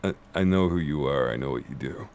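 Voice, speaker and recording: A man's voice: very deep voice, quick pace, a little mellow, slight background noise, pitched below the performer's own voice. A man voicing a nervous young male musician who stammers and trips over his words. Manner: stammering and anxious.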